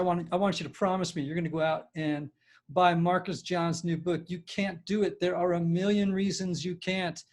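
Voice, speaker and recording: Male podcast host, gravelly, a little higher-pitched, animated conversational delivery. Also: moderate pace. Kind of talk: conversational interview.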